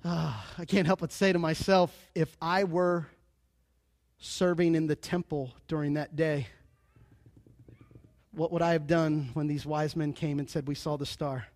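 A man preaching to his congregation, his voice pitched high for a man. He jokes and teases, then falls into quiet, confiding asides before building back up. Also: measured pace, long pauses, no room sound. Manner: lively, joking preacher with sudden drops to a quiet aside. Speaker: pastor. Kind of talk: sermon.

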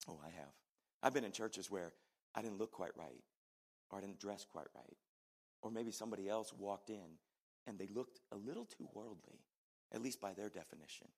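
Man, pastor, sermon, conversational storytelling, gravelly, low-pitched voice. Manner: conversational storytelling with asides to the congregation.

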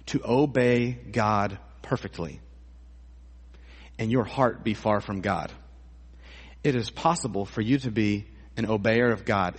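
A man preaching a sermon as a pastor in a church, animated and acting out voices with comic exaggeration. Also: medium pitch, husky. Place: church sanctuary. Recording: long hall reverb.

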